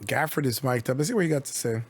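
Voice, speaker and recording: A man's voice: mid-range voice, lively intonation, quick pace, slightly rough. A man streaming live basketball commentary, calling plays in a casual, chatty way with jokey asides. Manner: chatty, jokey asides between play calls. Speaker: streamer giving play-by-play commentary.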